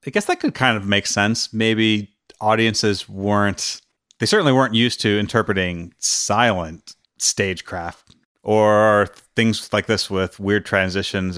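Low-voiced man recapping with chuckles. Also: fairly bright tone, no echo, clean studio sound. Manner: chuckles often while recapping scenes. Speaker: podcast co-host. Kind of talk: casual film discussion.

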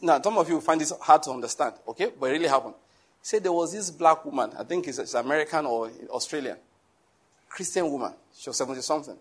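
Laughing pastor with a husky voice. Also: male voice, a little high. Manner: lively preaching with laughter and asides to the congregation. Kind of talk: sermon.

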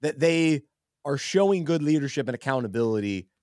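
A man's voice: fairly high pitch, lively intonation, brisk, darkish tone, no room sound, studio quality. A man co-hosting a casual sports talk show, earnest and thoughtful, often restarting his sentences. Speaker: podcast co-host. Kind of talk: casual sports chat with a faith angle.

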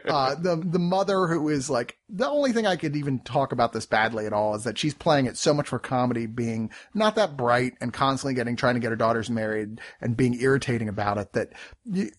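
A man talks casually and at length, his pitch swinging up and down as he tells the story. He swears freely and breaks into laughter. He slips into quick little impressions of the people he describes. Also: expressive. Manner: rambling, profane, laughs often, acts out quotes. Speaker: podcast co-host reviewing a TV series. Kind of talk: casual chat.

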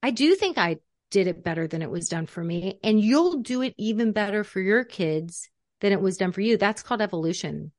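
A middle-aged woman, a parenting coach, talking casually and acting out quotes in animated voices. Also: medium pitch, dry recording, clean studio sound. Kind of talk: casual conversational talk.

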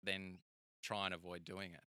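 An easygoing man with a bright, clear tone, chatting casually and laughing often. The sound is close and dry, with no room around it. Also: low-pitched, little pitch movement, moderate pace, no room sound. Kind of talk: casual chat.

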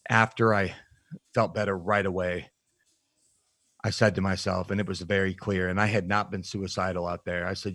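A man, a podcast guest, frankly telling his life story in a reflective, halting way with plenty of fillers. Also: low voice, flat delivery, fairly bright tone, no room sound. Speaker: podcast guest, nutrition coach. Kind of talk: candid personal storytelling in an interview.

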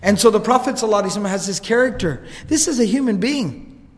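A male lecturer telling a religious history story in an animated way, mixing in Arabic quotes. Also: sits high, quick pace, big-room sound.

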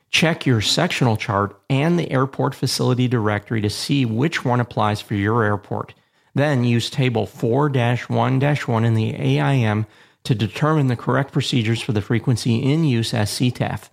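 A man hosting an instructional show on aviation radio communication, reading a measured, plain script with a dry touch of humor. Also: medium pitch, creaky. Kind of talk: scripted educational narration.

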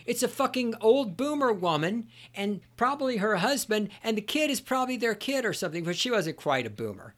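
A man's voice: sits high, big pitch swings, a little fast, hardly any pauses. A middle-aged man hosting a solo podcast, telling stories in a sarcastic, profane rant. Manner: ranting, profane, sarcastic storytelling. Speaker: podcast host.

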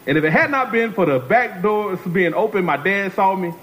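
A man's voice: sits high, lively intonation, moderate pace, a bit bright, poor audio. A man preaching a sermon as a guest speaker, talking to the congregation, repeating phrases and calling on them to answer.

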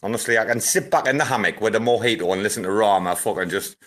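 A man's voice: on the low side, fast, over a noisy crowd. A man hosting a casual live audio-room chat, rambling, swearing heavily and hyping things up. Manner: profane, rambling, hyped-up. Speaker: host.

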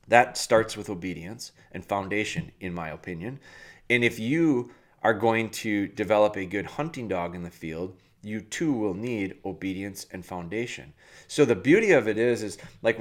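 A man with a somewhat low voice giving casual podcast advice on dog training. He talks plainly and walks the listener through everyday examples step by step.

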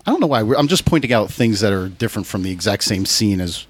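A man hosting a casual podcast chat about a film, explaining points with halting fillers. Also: on the low side, animated, husky, no echo. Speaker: podcast host.

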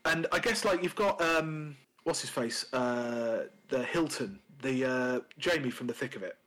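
A man's voice: mid-range voice, animated, measured pace, fairly bright tone, low-quality recording. A man co-hosting a casual podcast chat, rambling with many fillers and restarts, and swearing now and then. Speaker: podcast co-host.

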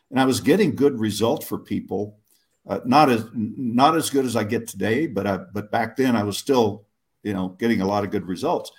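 A man in an interview tells long stories at a middling pitch. He rambles, restarts his sentences and often chuckles at himself. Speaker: guest speaker. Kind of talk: storytelling interview answers.

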